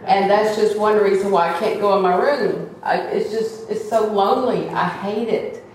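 A woman's voice: mid-range voice, normal speed, darkish tone, a little hiss or hum. A woman giving a heartfelt, conversational testimony to a church congregation. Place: church hall. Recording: echoey hall from far off.

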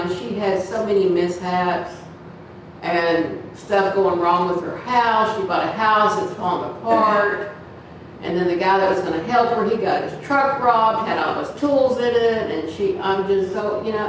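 A woman preaching to a church congregation, telling animated stories and acting out the voices of the people in them. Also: mid-range voice, unhurried. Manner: animated, acts out voices in her stories, laughs often. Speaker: church speaker. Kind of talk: storytelling sermon. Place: church hall. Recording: echoey church from far off, faint noise.

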